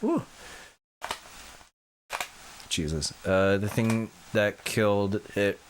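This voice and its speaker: A man with a lowish voice streams a puzzle game, chatting very slowly and casually as he rambles, corrects himself and swears now and then. A slight hiss or hum runs under the recording.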